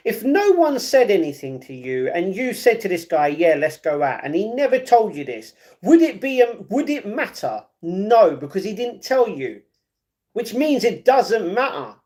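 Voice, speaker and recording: A man's voice: high-pitched, very animated, normal speed, darkish tone. A man chatting casually on a livestream and giving viewers blunt, repetitive advice. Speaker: streamer. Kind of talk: casual livestream chat, reading viewer comments.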